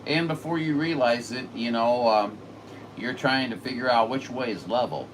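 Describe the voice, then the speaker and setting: A man with a medium-pitched, lively voice talks at a moderate pace as a radio operator, rambling casually in a folksy style packed with fillers. The recording is from a distant mic in a noisy room.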